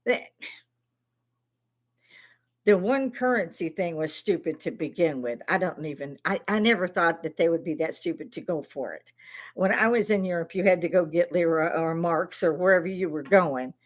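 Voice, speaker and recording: A woman's voice: fairly low pitch, expressive, normal speed. A middle-aged woman from Chicago, an Army veteran hosting her own channel, talking casually in a blunt, profane rant and laughing often between complaints. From Chicago, USA. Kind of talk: casual ranting livestream chat.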